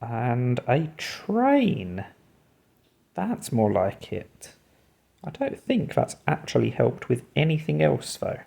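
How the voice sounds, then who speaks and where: Male puzzle host, very gravelly and lively in pitch, musing aloud through guesses. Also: slow. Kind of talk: thinking aloud while solving a word puzzle.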